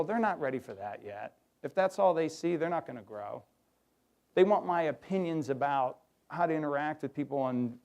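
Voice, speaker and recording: A middle-aged man giving a lively workshop talk to an audience, acting out quoted voices. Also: mid-range voice. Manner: animated, acts out quoted voices. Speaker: workshop speaker. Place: hotel conference room.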